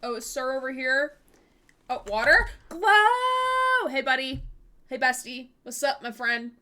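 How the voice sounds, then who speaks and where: A woman's voice: high-pitched, sing-song, unhurried, sharp tone. A young woman streaming a game live, chatting casually with lots of filler words and breaking into giggles and squeals. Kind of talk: casual live-stream chat while gaming.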